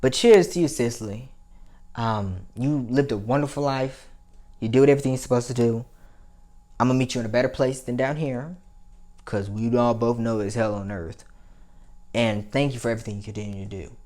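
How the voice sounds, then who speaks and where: A young man talking to camera in a casual, rambling and profane vlog monologue, his voice climbing high when he gets worked up. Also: fairly quick, dark tone. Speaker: vlogger.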